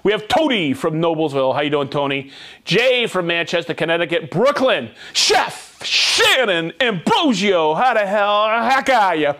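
An upbeat man hosts a live tool show and rattles off viewer names and hometowns. His voice sits high and swings widely in pitch. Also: sing-song, sharp tone. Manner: upbeat, jokey, reads viewer names and places quickly. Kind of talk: live-stream shout-outs to viewers.

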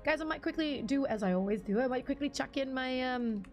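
A woman's voice: high-pitched, animated, fairly quick, faint music behind. A young woman streamer chatting casually with her live chat, giggly and talkative, reading out viewer names.

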